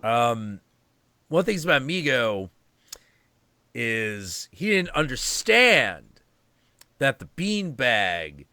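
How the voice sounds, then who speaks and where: A man hosting a stream, telling a story in a casual, animated, profane and rambling way. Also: mid-range voice, very slow, pauses often, no room sound, studio quality.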